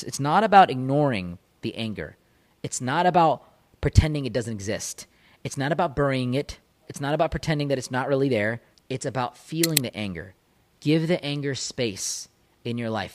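A man talking as a breakup coach into a microphone, intense and emphatic, repeating phrases for punch. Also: mid-range voice. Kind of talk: motivational monologue. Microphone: studio microphone.

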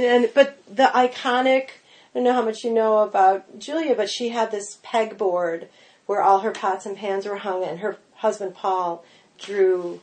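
Middle-aged lady pastry chef on a podcast, rambling animated stories, lots of like and you know, normal mid pitch. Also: measured pace. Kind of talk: casual interview storytelling.

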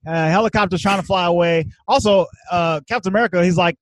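A man's voice: high-pitched, quick pace, dry recording. A man co-hosting a podcast, casually recapping a movie plot with chuckles and lots of fillers. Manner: laid-back, chuckling, filler-heavy retelling. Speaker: podcast co-host.

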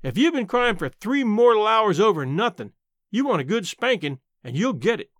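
A man doing a blunt, sharp-tongued old aunt. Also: sits high, sing-song, normal speed, no echo, clean studio sound, pitched above the performer's own voice. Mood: scolding, practical. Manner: sharp, matter-of-fact, grumbling. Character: blunt, plainspoken elderly aunt, woman.

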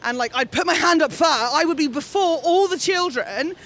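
A woman in her thirties chatting casually as a comedian guest, telling excitable, giggly stories. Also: extremely high pitch, fairly quick. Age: 30s. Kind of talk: casual chat.

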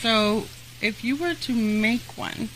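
A woman's voice: a little high, slow, fairly bright tone, slight background noise, low-quality recording. A woman co-hosting a podcast, teasing and laughing a lot in casual chat. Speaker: podcast co-host.

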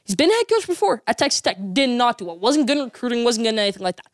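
A woman delivers rapid-fire college football takes as a sports vlogger. She talks quickly, stresses her opinions hard and repeats lines for emphasis. The sound is close and dry, with no room echo. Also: a little high, very animated. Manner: emphatic, repeats points for effect.

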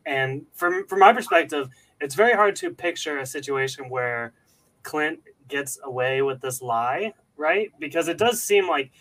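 A man's voice: on the high side, lively intonation, unhurried, fairly bright tone, rough recording. A man hosting a casual podcast chat, thinking aloud and hedging with questions to the others.

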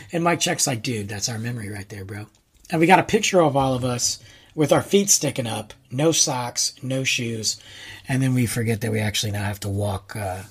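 A husky-voiced podcast host meanders through a personal anecdote on his show. The delivery is relaxed yet animated, climbing high when he reacts with excitement.

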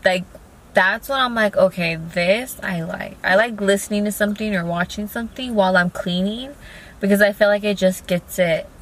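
A young woman hosting a podcast, chatting casually and softly in a parked car with a friend. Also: mid-range voice, brisk. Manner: laid-back, soft-spoken, giggly. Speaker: podcast host. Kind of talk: casual chat. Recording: faint background noise in a car.

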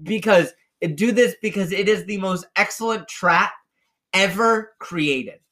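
A man recounts a story on a podcast in loose, casual chat. His voice is bright, and he acts out the quotes with a lot of animation. He laughs often as he goes. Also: high-pitched, a little slow. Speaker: podcast co-host.

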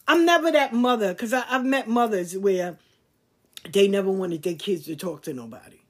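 Blunt, husky-voiced middle-aged woman. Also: medium pitch, normal speed. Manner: blunt, emphatic, swears freely; preachy, lecturing tone. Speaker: podcast host. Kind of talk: candid monologue to listeners.

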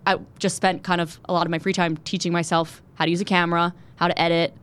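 A young woman in her twenties, a TV news reporter, telling her story quickly and animatedly as an interview guest. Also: fairly low pitch, flat delivery, a bit bright, clear, resonant tone. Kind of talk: conversational interview.

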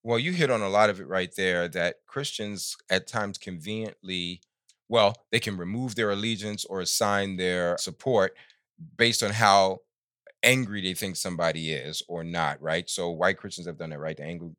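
A man being interviewed about his book on a podcast, explaining his views in a measured, emphatic way. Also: sits low, a bit bright, no room sound, studio quality. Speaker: guest author.

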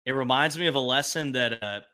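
Bright-voiced man bantering with upbeat energy. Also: medium pitch, fairly quick. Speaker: podcast co-host. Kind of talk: casual sports talk.

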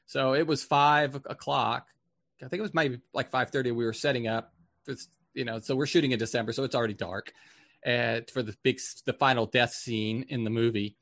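A man's voice: medium pitch, steady tone, a little fast, creaky, fairly bright tone, no echo, clean studio sound. A man, a film director, telling candid stories from set in a casual interview and swearing freely. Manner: candid, swears casually, acts out quoted people. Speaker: film director as podcast guest.

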